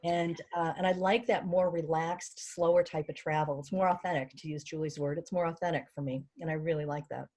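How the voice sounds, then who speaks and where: A woman with a slightly low voice telling stories on a video call. She talks in a relaxed, easygoing way and gets lively when a story heats up. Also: brisk, hardly any pauses. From United States. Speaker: housesitter. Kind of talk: casual group video chat.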